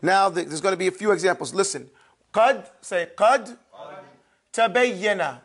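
High-voiced man teaching recitation patiently. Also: fairly bright tone. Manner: patient and repetitive, drilling sounds slowly; checks in with listeners often. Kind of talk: classroom lesson.

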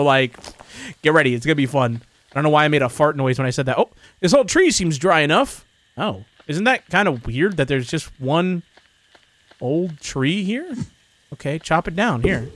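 A young man hosting a horror game let's-play, chatty and excitable with jumpy reactions. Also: sits high, dry recording. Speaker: gaming channel host.

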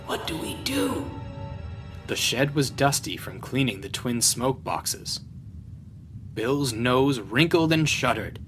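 A man's voice: mid-range voice, pushed and bright. A man reading a children's train story aloud in a storyteller style. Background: background music.

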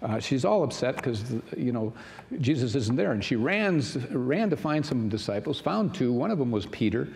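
A man's voice: medium pitch, big pitch swings, moderate pace, vocal fry, a little mellow. A male pastor retelling a scripture story in a loose, conversational sermon, full of fillers and asides. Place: large church sanctuary. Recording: long church hall reverb.

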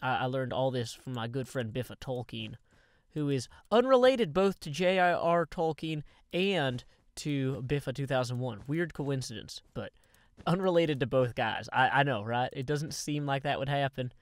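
A man's voice: medium pitch, moderate pace, no echo. A man hosting a Minecraft video, giving casual gameplay commentary full of playful, rambling asides to his viewers.

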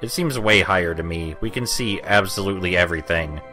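Young male let's-play narrator, low voice, dry sarcastic rambling, soft game music underneath. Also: a little fast. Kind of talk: gameplay commentary.

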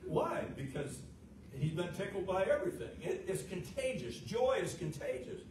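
Set back from the mic in a roomy church sanctuary, a fervent middle-aged pastor delivers a folksy sermon at normal speed, often saying "uh." His fairly high voice swells louder at its peaks and drops low and quiet, over a steady, noisy hiss.

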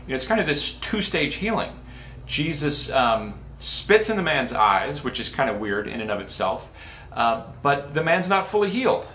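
A man's voice: on the high side, big pitch swings, normal speed, fairly bright tone, slight background noise. A man pastor giving a casual, conversational sermon with many restarts and asides. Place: church sanctuary. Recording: echoey church room.

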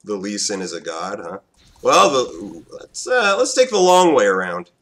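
Excitable young man, lively voice. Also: measured pace. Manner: excitable, swings from loud outbursts to low mutters. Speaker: gaming commentator. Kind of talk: live game commentary.

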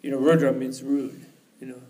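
A man's voice: mid-range voice, flat delivery, normal speed, dark tone. A man giving an informal teaching talk at a retreat, rambling and chuckling as he tells stories. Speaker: lecturer. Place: retreat hall.

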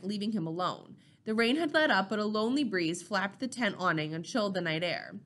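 A woman narrating a novel chapter in a steady, measured reading voice. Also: mid-range voice. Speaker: audiobook reader.

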